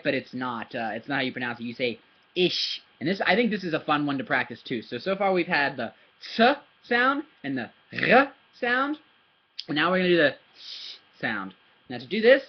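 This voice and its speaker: A man's voice: on the high side, husky, dull audio. Patient man teaching a child German. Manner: patient, repeats words and asks "yeah?" often; demonstrates sounds with paper and hand. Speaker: German tutor. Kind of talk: casual one-on-one language lesson for a child.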